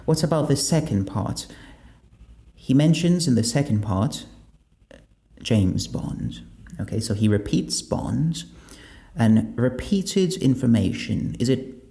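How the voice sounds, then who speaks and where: A man's voice: mid-range voice, mellow. A man teaching a pronunciation lesson, asking questions and answering them himself. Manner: asks the class rhetorical questions and answers them.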